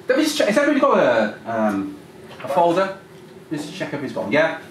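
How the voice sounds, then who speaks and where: A man presenting a live seminar to a room, lively and acting out phone calls. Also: a little high, fairly quick. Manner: animated, acts out phone calls. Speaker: workshop presenter. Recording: roomy, distant mic, faint noise.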